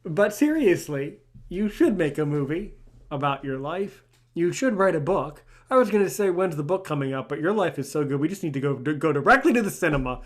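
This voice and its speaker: A man's voice: a little high, sing-song, fairly quick. A man hosting a podcast interview, chatting casually and enthusiastically, joking and repeating words as he starts sentences. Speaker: podcast host.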